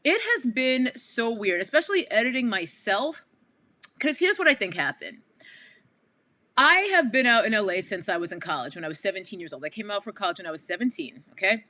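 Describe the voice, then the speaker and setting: A woman's voice: medium pitch, animated, brisk, pushed and bright. A woman from Queens with a New York accent, hosting a casual livestream and chatting to viewers with lots of asides. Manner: chatty, addresses viewers as y'all, frequent asides. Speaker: livestream commentary host. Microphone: headphones with mic.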